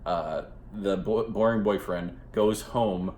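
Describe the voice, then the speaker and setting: A man with a very deep voice talks through a movie in a loose, unscripted way. He rambles, swears freely and leans on fillers like "uh" and "like". His voice echoes around the room, with a faint hiss behind it. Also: slow pace, a little mellow. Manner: rambling and profane, heavy on fillers. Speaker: movie reviewer. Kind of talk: casual spoken movie review.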